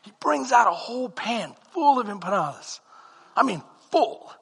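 A man preaching a sermon as comic storytelling, animated and now and then breaking into shouts. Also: very high-pitched, normal speed, creaky, slightly rough, big-room sound. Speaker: pastor.

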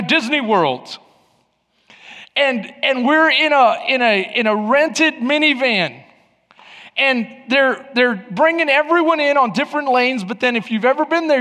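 A middle-aged man preaching a sermon, telling stories and acting out scenes, getting loud when worked up. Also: high voice. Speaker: pastor. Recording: long hall reverb.

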